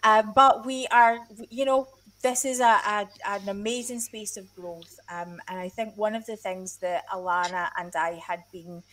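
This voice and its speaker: A woman's voice: mid-range voice, steady tone, normal speed, fairly bright tone. A woman hosting a panel over a video call, upbeat and enthusiastic. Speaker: host.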